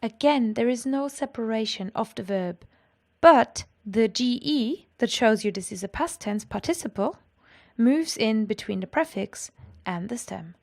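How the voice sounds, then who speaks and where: A woman teaching a grammar lesson in a clear, patient, explanatory way. Her voice sits a little high. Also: expressive, measured pace. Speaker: language teacher.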